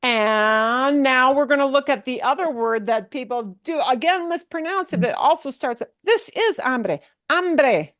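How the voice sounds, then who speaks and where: A woman's voice: high voice, normal speed, hardly any pauses, fairly bright tone, studio quality. A woman teaching a beginner language class, patiently repeating words for students to echo and checking in with "okay?". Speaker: Spanish teacher.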